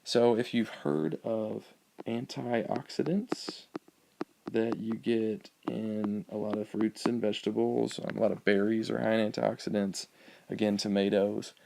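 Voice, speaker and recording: A male biology teacher giving a recorded lecture over slides, explaining in a relaxed way with frequent ums and uhs. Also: fairly low pitch, measured pace, creaky, background noise.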